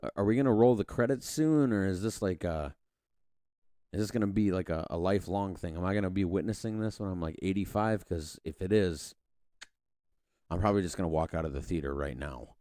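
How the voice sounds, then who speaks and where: Deep, dark-voiced man rambling casually. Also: brisk, dry recording, studio quality. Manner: rambling, conversational, frequent restarts; swears casually. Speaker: podcast host. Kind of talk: casual political monologue.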